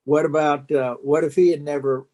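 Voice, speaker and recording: A man hosting a podcast, asking questions with a halting, rambling manner. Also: a little high, fairly even intonation, darkish tone, a little hiss or hum. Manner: halting, full of fillers and restarts. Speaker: podcast host. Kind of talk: interview chat.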